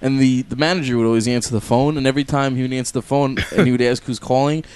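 A man's voice: mid-range voice, steady tone, fast talker, a little mellow, clear, resonant tone. A man in casual banter with friends, rambling through a story and laughing often.

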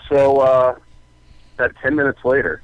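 A man working an arcade counter, telling a profane, animated story on a casual talk show. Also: mid-range voice, moderate pace, no echo, narrow, tinny audio. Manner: profane, animated retelling with acted-out quotes. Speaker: arcade counter worker, guest.

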